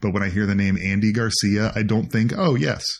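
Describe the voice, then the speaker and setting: A man's voice: lowish voice, flat delivery, brisk. A man co-hosting a podcast in casual chat, joking and laughing often. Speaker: podcast co-host.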